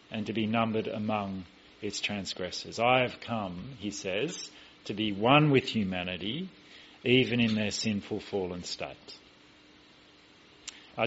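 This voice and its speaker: A man's voice: lowish voice, fairly bright tone, breathy edge, dull audio. A man preaching a sermon, telling stories emphatically and acting out the quoted voices. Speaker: pastor.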